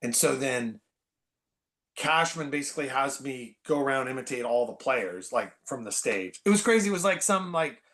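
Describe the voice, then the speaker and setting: A man in his forties, a podcast guest, telling stories in casual conversation, animated and full of fillers and restarts. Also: medium pitch, moderate pace. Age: 40s.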